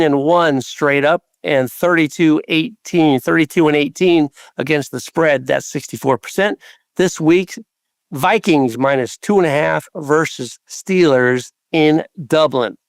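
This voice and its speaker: A man co-hosting a sports betting podcast, briskly reading through trends and numbers with the odd filler. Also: fairly high pitch, clean tone, no echo. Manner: brisk, numbers-heavy delivery with filler uhs. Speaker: podcast co-host.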